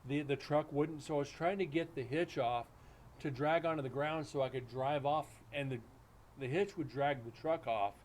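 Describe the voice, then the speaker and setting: A man's voice: on the high side, normal speed, a little hiss or hum. A man hosting a livestream, telling stories in a loose, blunt, joking way. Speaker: livestream host. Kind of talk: casual storytelling chat. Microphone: streaming setup mic.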